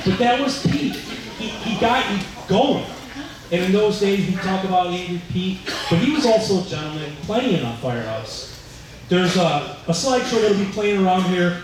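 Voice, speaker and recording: A firefighter giving a dedication speech, telling stories and acting out the voices of the people in them. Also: male voice, high voice, lively intonation, moderate pace, background noise. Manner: storytelling, acting out voices in quotes. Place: large indoor room at a fire training center. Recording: very echoey hall, mic far off.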